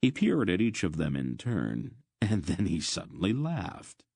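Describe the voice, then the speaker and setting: A man narrating an audiobook in a measured storytelling manner. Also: deep voice, huge pitch swings, creaky, darkish tone, husky, no room sound, studio quality.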